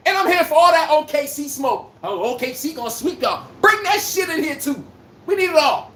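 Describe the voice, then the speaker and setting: Male livestream sports host, taunting and loud, lively pitch, roomy echo. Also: a little fast. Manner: brash trash-talking, taunting, shouts out lines. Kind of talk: heated sports talk to a live chat.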